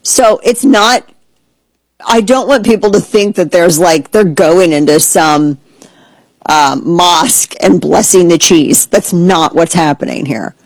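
A woman hosting a talk show, ranting in a sarcastic, animated way and slipping into mocking voices. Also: on the low side, slow pace, no room sound, poor audio. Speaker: podcast host. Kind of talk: casual opinion commentary.

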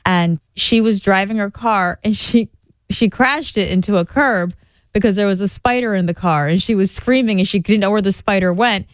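A woman's voice: mid-range voice, normal speed, clear, resonant tone, no room sound. Chatty woman show host telling stories. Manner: chatty, animated storyteller who laughs often. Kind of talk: casual chat.

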